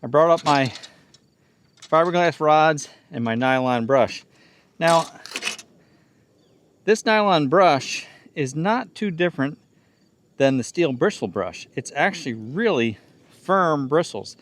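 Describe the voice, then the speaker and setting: A man's voice: a little high, lively intonation, slow, pauses often. A man hosting his own home-repair video, explaining each step plainly and thinking aloud as he works. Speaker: DIY channel host. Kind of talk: casual how-to narration.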